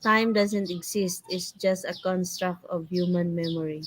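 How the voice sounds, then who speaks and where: A woman's voice: lowish voice, fairly even intonation, a little slow, a little hiss or hum, rough recording. A woman with a Filipino accent co-hosting a casual live podcast, speaking hesitantly with many fillers and giggles. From Philippines. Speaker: podcast co-host. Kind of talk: casual live-stream chat.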